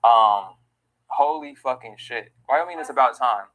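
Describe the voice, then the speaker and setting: A man hosting a casual livestream, loud and profane, often breaking into shouts and laughter. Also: mid-range voice, normal speed. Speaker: livestream host.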